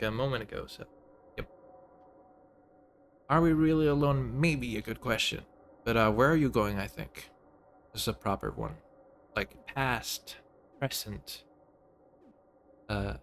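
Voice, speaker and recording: A man's voice: medium pitch, measured pace, pauses often, slight background noise. A man streaming a game, reading its dialogue aloud and musing over it with filler words.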